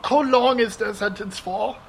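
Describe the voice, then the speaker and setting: A man's voice: high-pitched, measured pace, creaky, a little hiss or hum. A man playing a dry-witted adventurer in a tabletop game, asking sardonic questions. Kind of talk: in-character tabletop role-play.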